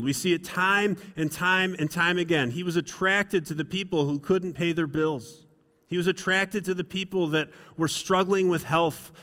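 A man's voice: high-pitched, fairly bright tone. A middle-aged male pastor preaching a sermon, chatty and self-deprecating as he tells stories from the pulpit. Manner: conversational, self-deprecating storytelling. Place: church sanctuary. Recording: long reverb in a hall.

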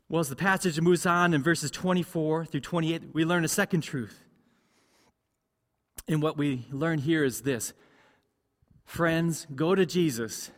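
A male pastor delivers an earnest sermon in a somewhat higher voice. He drives his points home by repeating key phrases. The voice rings out with a long church reverb. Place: large church sanctuary.

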